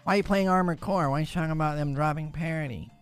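A man voicing an imaginary critic who fires off rapid, mocking questions at him. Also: on the high side, clear, resonant tone, soft background music, voice pushed down, close to an everyday voice. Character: nagging male imaginary critic of the host.

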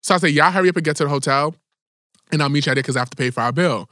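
A young man co-hosting a podcast, telling a story in animated, dramatic casual chat full of swearing. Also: fairly high pitch, racing, no room sound, clean studio sound. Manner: animated, dramatic, heavy cursing. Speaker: podcast co-host.

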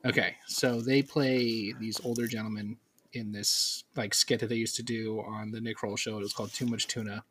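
A man's voice: fairly low pitch, level tone, normal speed, a bit bright, a little hiss or hum. A man co-hosting a podcast who chats in a rambling, enthusiastic way. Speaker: podcast co-host. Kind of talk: casual chat.

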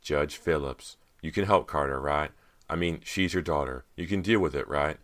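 A man with a very deep voice reading the lines of a loyal, anxious teenage boyfriend who speaks earnestly and urgently. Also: moderate pace, a bit bright.

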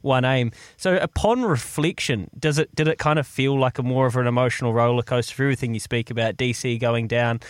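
A man's voice: medium pitch, steady tone, a little fast, few pauses, clear, resonant tone, no echo, clean studio sound. A man, hosting a breakfast radio show and asking questions in an upbeat way. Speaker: radio host. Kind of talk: casual radio interview.

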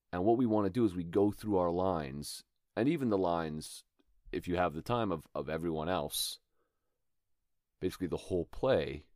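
A man's voice: sits low, no echo, studio quality. A young adult man hosting a show and explaining acting craft in an earnest, instructional way, tapping out rhythms as examples. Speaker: acting teacher and podcast host. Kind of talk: instructional talk.

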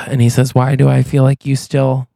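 Gravelly man spinning a comic story. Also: medium pitch, monotone, mellow, dry recording. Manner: playful storytelling, acting out quick lines. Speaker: podcast co-host. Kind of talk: improvised comedic movie pitch.

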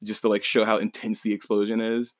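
A male podcast host with a fairly low, monotone voice recaps a manga briskly, rambling in a laid-back, casual way while swearing and laughing along. There's no echo on the recording.

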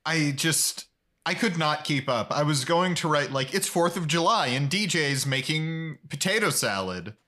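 Brief: young male podcast co-host, bright and punchy, animated and playful. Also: a little high. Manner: animated, playful, quick to joke. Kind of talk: casual chat.

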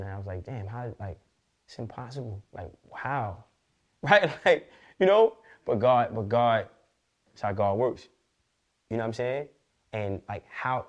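A man, a podcast guest, telling his life story in fast, slangy, profane street talk. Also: lowish voice. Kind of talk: candid interview storytelling.

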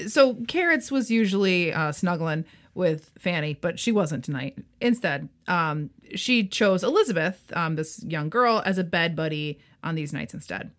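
A woman's voice: lowish voice, fairly bright tone. A woman co-hosting a history podcast, telling the story with playful, joking asides. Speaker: podcast co-host. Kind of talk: casual history podcast chat.

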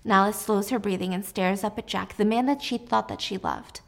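A woman's voice: mid-range voice, fairly even intonation, brisk, gravelly, hardly any pauses. A woman vlogger casually recapping a movie while baking, chatty and playful.

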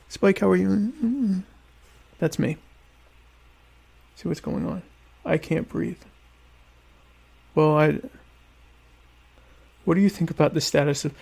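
A man chatting casually to viewers while eating dinner, rambling and joking with deadpan irony about being a quiet type. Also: on the high side, creaky. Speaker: vlogger answering viewer questions. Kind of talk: casual comedic chat.

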